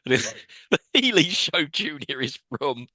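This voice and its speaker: A man's voice: fairly high pitch, sing-song, a little slow, pushed and bright, dry recording. A man co-hosting a podcast, recapping a film in casual chat and laughing often as he goes. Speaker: podcast co-host.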